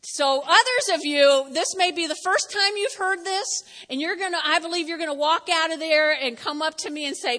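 A woman pastor preaching a lively sermon in a church, talking straight to the congregation and acting out the people in her story. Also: very high-pitched, normal speed, few pauses, in a large hall. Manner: lively, talks straight to the congregation, acts out quotes. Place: church sanctuary.

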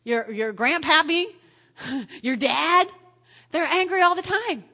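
A woman preaching to a congregation in a high, bright voice. She repeats her key words and calls for responses, dropping to quiet asides before rising to loud emphasis. A long hall reverb follows her lines. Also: slow pace. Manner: repetitive, call-and-response, swings from quiet to loud. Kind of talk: sermon.

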